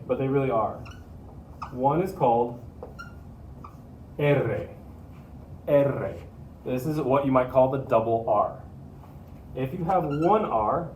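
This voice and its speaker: A male teacher explains pronunciation to his students with steady patience, saying each key point twice. He is heard from a little way off in an echoing room with a faint hum behind him. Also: medium pitch, recorded from a distance. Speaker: Spanish teacher. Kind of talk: classroom lesson to students.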